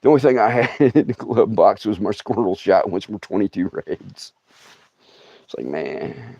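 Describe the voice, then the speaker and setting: A middle-aged man telling a story in a casual, drawling way, often dropping to a hush and acting out the sounds. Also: lowish voice, animated, moderate pace, vocal fry, no echo. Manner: drawling, hushed, acts out sounds. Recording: dull lo-fi dry sound.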